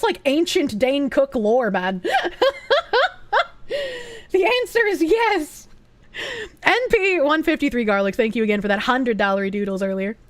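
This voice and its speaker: A woman's voice: a little high, no echo. A young adult woman streaming live, chatting casually in a rambling, profane way and reading out donations.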